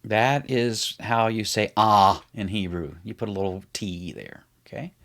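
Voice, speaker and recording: With a fairly low, fairly bright voice touched by vocal fry, a middle-aged man leads an online Bible study at a slightly slow pace. He keeps it chatty and casual, explaining points while writing them on screen.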